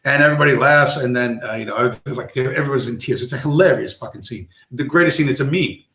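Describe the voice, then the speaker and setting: New guy rambling on his live stream, swears a lot, middle pitch, echoey room. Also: quick pace, hardly any pauses, bright, forceful tone. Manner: rambling storyteller, acts out quoted tough-guy lines, swears. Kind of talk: casual rambling stream chat.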